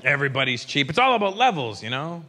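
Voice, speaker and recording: A male stand-up comedian performing a brash, profane set and acting out characters in quick quoted voices, live on stage. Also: on the high side, very animated, pushed and bright. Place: large theater with a live audience. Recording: live stage recording with crowd noise. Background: audience laughter.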